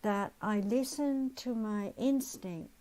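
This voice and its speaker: Older woman host, mellow tone, storyteller who mimics people she quotes. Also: on the high side, slow pace, rough recording. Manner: storytelling, acts out quoted voices. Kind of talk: holistic wellness talk.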